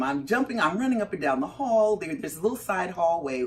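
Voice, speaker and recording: A middle-aged woman, the mother of a parolee, telling her story in an interview and acting out her own reactions with big leaps in her voice. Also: a little fast. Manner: animated, acts out her own reactions with big jumps in pitch.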